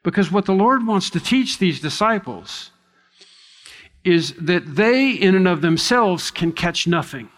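A man's voice: sits high, expressive, measured pace, a bit bright, long reverb tail. A man preaching an expository sermon in a conversational, reflective way, often restarting and adding asides.

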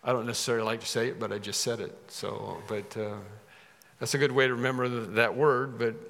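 A man delivers an expository sermon at a middle pitch, his voice trailing off into the long reverb of a large hall. He builds to sudden, emphatic rises whenever he quotes scripture. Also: steady tone, brisk, creaky, fairly bright tone. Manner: expository preaching, dramatic rises when quoting scripture. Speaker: preacher.

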